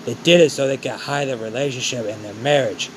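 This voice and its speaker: A man's voice: mid-range voice, brisk, slight background noise, lightly acted, rough recording. A man voicing a stern villain mentor who mocks and scolds his former apprentice, calling him kiddo. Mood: scolding. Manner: mocking, scolding, calls the boy kiddo.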